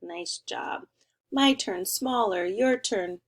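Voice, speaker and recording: A young woman teacher leading a remote spelling lesson for first graders, encouraging and sing-song, stretching words out slowly. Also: mid-range voice.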